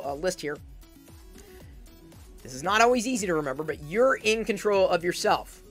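A woman giving an intense, emphatic advice monologue, often repeating words as she starts a sentence. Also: lowish voice. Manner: loud and projecting.

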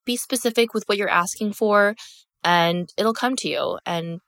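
A woman's voice: mid-range voice, normal speed, creaky, a bit bright, no echo, studio quality. A young woman hosting her own podcast, telling a personal story in a candid, emphatic way, with lots of "like" and swearing. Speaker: podcast host. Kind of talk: casual storytelling monologue.

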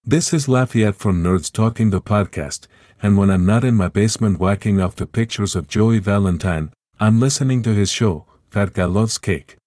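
A man's voice: lowish voice, normal speed, a little mellow, no echo, studio quality. A man from another podcast giving a crude, jokey recorded promo for the show.

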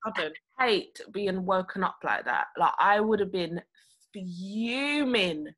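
A woman's voice: medium pitch, lively intonation, slow, fairly bright tone. A woman co-hosting a podcast, reacting with exclamations and firing off questions. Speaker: podcast co-host. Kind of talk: casual chat.

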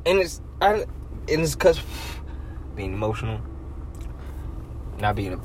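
A man in casual chat, talking in slang, rambling and shifting between low mumbles and loud bursts. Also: very animated, slow pace, slight background noise, poor audio.

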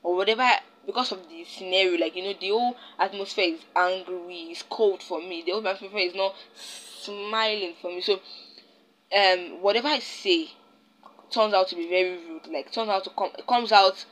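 A woman's voice: mid-range voice, moderate pace, fairly bright tone, a little hiss or hum, rough recording. A young Nigerian woman hosting a casual solo podcast, rambling and often stopping to search for her words. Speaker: podcast host.

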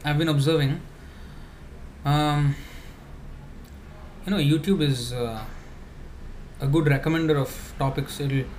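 A man giving a conversational spiritual talk, answering questions with many fillers and restarts, now and then laughing softly. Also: on the high side, steady tone, slow, pauses often, slight background noise.

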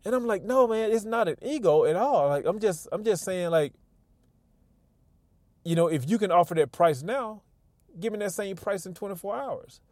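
A man's voice: high voice, expressive, normal speed, darkish tone, no echo. A man telling a personal story in a casual, chatty way, often restarting and repeating words as he goes.

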